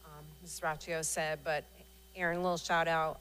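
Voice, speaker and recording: A woman on a school board, speaking quickly and in a friendly way, from a distance from the mic. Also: deep voice, level tone, a bit bright, clean tone. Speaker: board member. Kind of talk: board member comment at a meeting.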